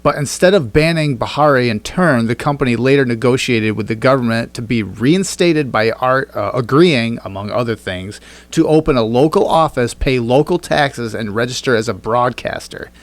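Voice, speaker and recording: A mid-pitched man co-hosts a loose, profane podcast. He reads tweets aloud and throws in quick jokes between them. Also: no room sound. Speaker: podcast co-host. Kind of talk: casual satirical podcast banter.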